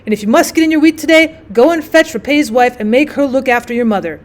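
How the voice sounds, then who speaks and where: A woman's voice: sits high, expressive, fairly quick. A woman voicing a stern, angry male country doctor in a storybook reading, scolding and commanding.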